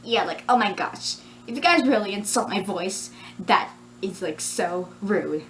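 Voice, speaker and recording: A woman's voice: mid-range voice, lively intonation, unhurried, a bit bright, a little hiss or hum. A woman voicing a spoiled, sassy young girl koopa, whiny and indignant.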